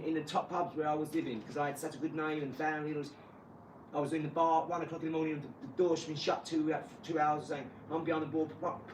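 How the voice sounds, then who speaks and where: A blunt, boastful man rambles through a casual live-stream rant, his voice sitting a little high. He is recorded in an echoey garage, a good way off the mic, with a faint hum in the background. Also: recorded from a distance.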